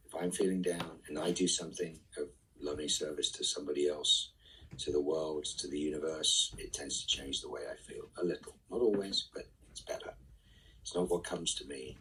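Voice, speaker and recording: A man reading fan questions aloud and answering them casually in a live online Q&A, often trailing off into soft asides. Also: very deep voice, slightly rough, distant mic, poor audio.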